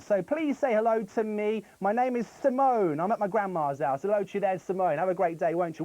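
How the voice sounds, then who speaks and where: High-voiced presenter reading emails. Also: male voice, dark tone, no room sound. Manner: chatty, laughs at himself. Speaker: children's TV presenter. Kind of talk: reading viewer emails on air.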